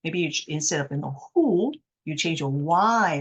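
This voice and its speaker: A woman speech therapist explaining a technique patiently, checking in with the listener and acting out example phrases slowly with exaggerated inflection. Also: low-pitched, lively intonation, breathy edge, dull audio. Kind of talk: instructional talk to camera.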